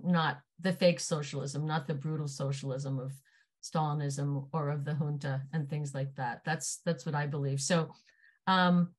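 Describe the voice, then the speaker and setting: Brief: a woman with a lowish voice, earnest and hesitant, chairing an online meeting. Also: darkish tone. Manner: earnest, hesitant, laughs lightly. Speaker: meeting host.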